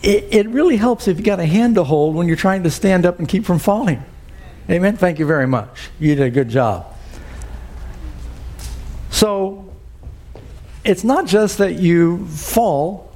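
A man preaches to his congregation, working through scripture and turning to the room with "Amen?". His voice sits a little high but sounds warm and mellow. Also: expressive, unhurried, pauses often. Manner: preaching with many scripture quotes, asks the crowd "Amen?". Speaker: pastor. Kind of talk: sermon. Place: church with congregation.

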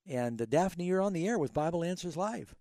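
Middle-aged male radio pastor, mellow, dry close mic, explanatory and animated. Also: on the high side, a little fast, dry recording. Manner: explanatory, tells illustrative stories, animated emphasis. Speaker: radio Bible show host, pastor. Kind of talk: call-in radio Bible answers.

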